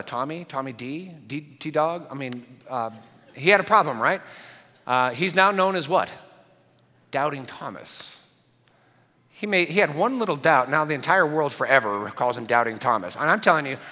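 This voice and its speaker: A man's voice: a little high, sharp tone, big-room sound. A man preaching a sermon as a pastor, earnest and conversational with touches of humor.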